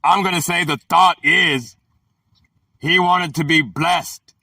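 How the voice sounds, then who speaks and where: Gravelly man riffing on bible words. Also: fairly high pitch, dry recording, recorded from a distance. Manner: reads definitions slowly, then riffs in loud slangy bursts. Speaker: scripture teacher. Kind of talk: bible word-study talk, reading then explaining.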